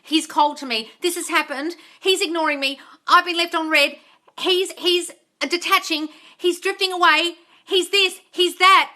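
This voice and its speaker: A young woman hosting a livestream Q&A, talking bluntly and swearing freely as she drives her points home. Her voice sits high, bright and sharp-edged, and she reads chat messages out between emphatic stretches. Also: fairly even intonation, unhurried. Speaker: manifestation coach on a livestream. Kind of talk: ranting livestream Q&A.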